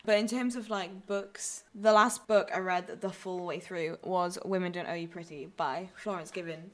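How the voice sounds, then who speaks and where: A woman's voice: fairly low pitch, fairly even intonation, moderate pace, fairly bright tone. A young woman with a northern English accent from the Newcastle area, co-hosting a casual podcast chat and rambling with fillers and restarts. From Newcastle, northern England. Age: young adult. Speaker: podcast co-host, university student.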